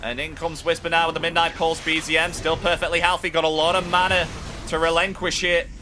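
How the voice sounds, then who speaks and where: A man casting a live esports match play-by-play, building from steady calls to shouted excitement at the big plays. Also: on the high side, fairly quick, noisy background. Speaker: esports caster. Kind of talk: live game play-by-play commentary.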